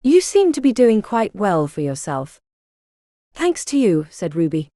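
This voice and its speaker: A woman's voice: medium pitch, big pitch swings, a little slow, mellow, dry recording, studio quality. Woman doing Ruby, a flirty glamorous streamer. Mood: breezy.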